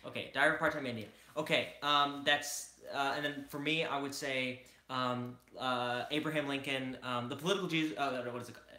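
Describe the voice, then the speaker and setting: A man's voice: mid-range voice, steady tone, brisk, few pauses, sharp tone. A man as a livestream guest, speaking casually with hesitant fillers and dry humor. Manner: hesitant, lots of fillers, wry. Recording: echoey room.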